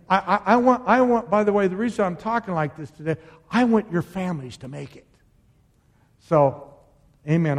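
A middle-aged man preaching as a pastor, swinging between loud exhortation and quiet, intimate asides. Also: on the high side. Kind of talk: sermon.

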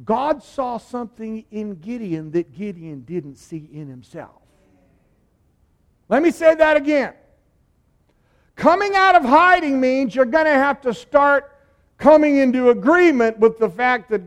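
A man preaching a sermon, leading call-and-response with the congregation and swinging from hushed near-whispers to loud, high-pitched declarations. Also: animated, a little slow. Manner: dynamic, swings from hushed to shouted.

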